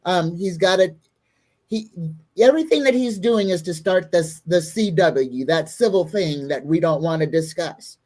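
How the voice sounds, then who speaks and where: A woman's voice: on the low side, expressive, unhurried, a little mellow. A woman in a casual political chat on a video call, making folksy, earnest predictions.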